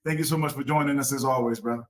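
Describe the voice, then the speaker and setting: A man's voice: medium pitch, fairly even intonation, rapid-fire, noisy background. A man hosting an educational talk show, speaking upbeat to the listeners as folks. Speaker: podcast host.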